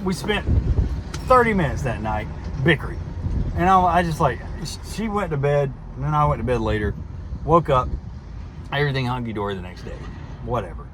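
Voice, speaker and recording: A man's voice: mid-range voice, expressive, a little fast, pauses often, background noise. A man telling a personal story in a casual, rambling way, full of restarts and short laughs. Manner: rambling, frequent restarts and fillers, laughs while recounting. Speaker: host.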